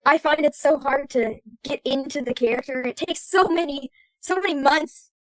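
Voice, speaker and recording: A woman's voice: high voice, normal speed, fairly bright tone, dry recording, poor audio. A young American woman, an actress, talking thoughtfully as a podcast guest. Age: young adult. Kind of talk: casual interview.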